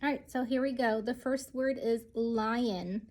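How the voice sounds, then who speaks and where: A woman's voice: a little high, steady tone, unhurried, a little mellow. A woman teaching a children's lesson, speaking patiently and sounding out each letter.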